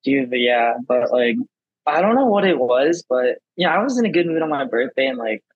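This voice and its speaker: A man in his twenties with a raspy voice, telling stories in a laid-back, slangy way as a podcast co-host. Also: medium pitch, sing-song, moderate pace, no echo, phone-quality sound. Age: 20s. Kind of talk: casual chat.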